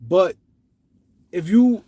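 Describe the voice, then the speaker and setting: Man from Harlem with a New York accent, show host, loose slangy ramble, slightly higher voice. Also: sing-song, very slow, warm tone, a little hiss or hum. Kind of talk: casual livestream commentary.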